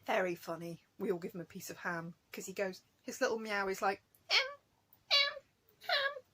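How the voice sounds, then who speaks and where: A woman's voice: medium pitch, steady tone, brisk. Chatty woman rambling to camera. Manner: rambling, chatty, laughs often. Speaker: craft vlogger. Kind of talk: casual chat to camera. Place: at home.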